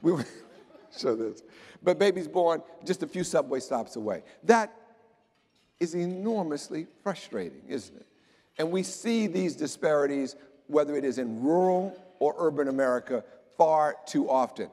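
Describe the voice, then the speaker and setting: A man giving an animated, joking conference talk about slides to a live audience. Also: a little high, normal speed. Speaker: keynote speaker. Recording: long hall reverb.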